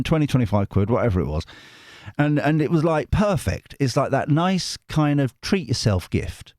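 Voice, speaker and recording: The voice is mid-range and darkish, captured in a dry, clean studio recording. It belongs to a British tarot reader hosting his channel, who chats to viewers in a jokey, digressive way that keeps stopping and restarting.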